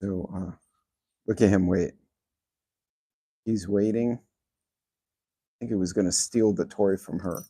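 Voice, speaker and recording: A man on a laid-back livestream, his low voice dark and mellow. He rambles along between dog commands and greetings to the chat. The sound is dry and close, with almost no room around it. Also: fairly even intonation, takes it slowly, long pauses, breathy edge, no echo. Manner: chatty, talks to his dogs and reads out chat names. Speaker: channel host. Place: yard of a rental house, outdoors. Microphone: phone on speaker.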